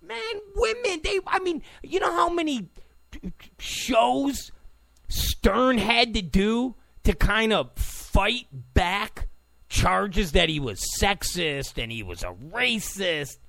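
A man's voice: high-pitched, sing-song, slow pace, gravelly, fairly bright tone, no echo. A man hosting a political talk show, delivering an opinionated, sarcastic monologue full of stammering restarts.

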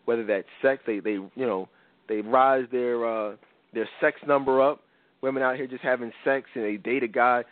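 A young adult man hosting a radio advice show, talking casually to listeners and acting out quoted voices in animated jumps. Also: normal speed, dry recording. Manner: animated storytelling, acts out quotes with big pitch jumps. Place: radio studio. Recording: phone-like narrow radio sound.

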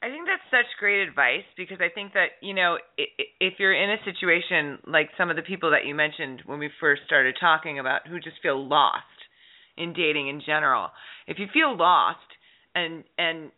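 A man hosting a radio dating show with a high voice. He encourages his guest and often stumbles and restarts as he builds a thought. The audio is thin and phone-like. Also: moderate pace. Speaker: radio host. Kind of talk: casual interview chat.

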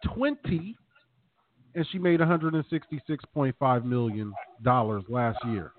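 A man co-hosting a podcast, chatting casually and reading numbers off a ranking with animated emphasis. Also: mid-range voice, measured pace. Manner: animated, reads out figures from a list. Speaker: podcast co-host. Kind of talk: casual profane banter. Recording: dry, tinny phone-like sound.

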